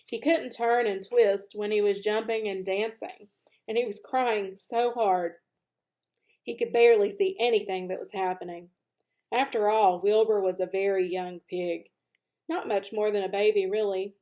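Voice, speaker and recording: A woman reading a children's novel aloud, with expressive, animated narration as the channel's regular reader. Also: medium pitch. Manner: expressive, animated narration, speeds up at lively moments. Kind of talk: storybook read-aloud.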